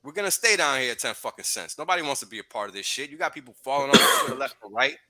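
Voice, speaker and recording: A man's voice: medium pitch, animated, very fast, sharp tone. A man hosting a livestream, ranting profanely and heatedly with frequent laughs. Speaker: podcast host.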